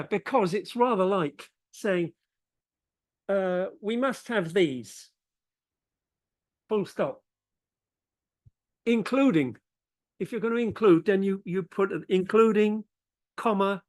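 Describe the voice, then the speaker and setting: A woman English teacher gives slow, halting feedback on word usage, often stopping and restarting her sentences. Her voice sits at a middle pitch and sounds close and dry, with almost no room echo. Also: darkish tone.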